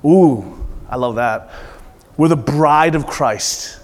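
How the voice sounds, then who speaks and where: A man with a slightly high voice preaches a lively, interactive sermon. He keeps asking the room for answers and repeats them back with emphasis. His voice rings out with a long echo, as if in a large church hall. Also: takes it slowly. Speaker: pastor.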